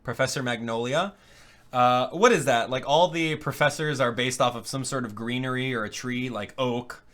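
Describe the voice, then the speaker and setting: Excitable young man reacting to a game reveal. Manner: excitable, joking, laughs often, rambles with quick asides; drops to low mumbling while clicking around. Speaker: video game reaction host. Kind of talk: casual live reaction commentary.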